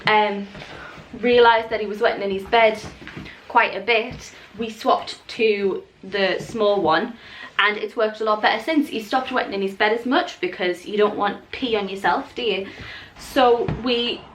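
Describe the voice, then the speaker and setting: A woman's voice: medium pitch, measured pace, fairly bright tone, a little hiss or hum. A young woman chatting casually to camera at home, rambling and breaking off now and then to talk to her puppy. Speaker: vlogger. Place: home living room.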